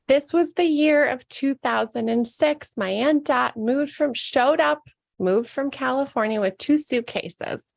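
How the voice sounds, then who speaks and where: A woman's voice: on the high side, gravelly, no echo. A woman in her thirties, a podcast guest, telling a personal caregiving story in casual chat, emotional and laughing through tears.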